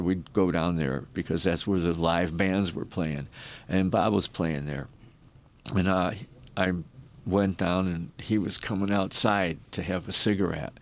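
An older man from Michigan, a guest in an interview, telling long rambling stories and acting out the people in them. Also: deep voice. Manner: rambling anecdotes with restarts and acted quotes. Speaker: guest, former rock roadie and photographer. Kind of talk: storytelling in a podcast interview.

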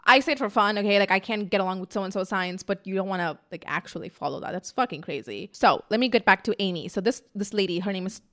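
A young woman chatting straight to camera in a casual vlog. She is blunt and emphatic, swears often, and slips into animated little impressions of other people. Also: medium pitch, quick pace, few pauses. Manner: animated, acts out quotes. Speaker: vlogger.

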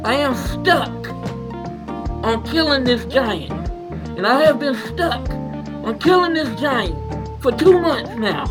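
Slow-talking man, lively and exasperated. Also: very high-pitched, over music. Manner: exasperated, joking complaints. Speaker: podcast co-host. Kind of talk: casual chat.

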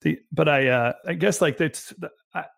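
A man's voice: fairly high pitch, normal speed, vocal fry. A man co-hosting a business podcast, talking casually and stopping to restart his sentences often. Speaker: podcast co-host.

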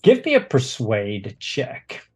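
A man voicing a smooth, mocking male cult leader who speaks with quiet menace. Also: mid-range voice, huge pitch swings, slow, full character voice. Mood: amused.

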